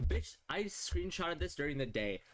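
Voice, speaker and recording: A man's voice: fairly high pitch, sing-song, moderate pace, a bit bright. A man streaming a casual chat, rambling and swearing constantly as he rants in exasperation.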